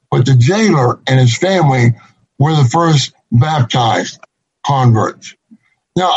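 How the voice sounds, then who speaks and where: A man preaching a sermon to his congregation, slow and deliberate, repeating key phrases for emphasis. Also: mid-range voice, darkish tone, husky. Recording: dull lo-fi recording.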